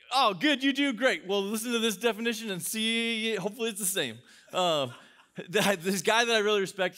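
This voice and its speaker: A man preaching a sermon to young adults, passionate, asking rhetorical questions and swinging from emphatic bursts to low, quiet drops. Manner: asks the audience rhetorical questions.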